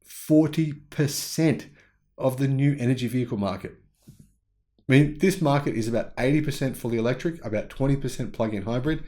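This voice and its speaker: A man's voice: medium pitch, dark tone. A man hosting his own channel, giving casual, opinionated commentary and thinking aloud as he goes. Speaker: YouTube channel host. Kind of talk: casual commentary on news reports.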